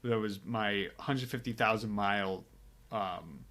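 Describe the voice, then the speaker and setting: A man's voice: on the low side, a little slow, fairly bright tone. A young man co-hosting a podcast, chatting in a laid-back, offhand way. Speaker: podcast co-host. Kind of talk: casual chat.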